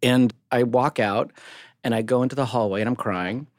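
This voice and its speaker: A man tells a personal story on a podcast with lively, expressive energy. His voice sits in an ordinary middle range but leaps up when he mimics others. The sound is dry and close, with no room echo. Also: normal speed. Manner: animated, swings high when acting out quotes, swears freely. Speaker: podcast co-host. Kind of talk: casual storytelling.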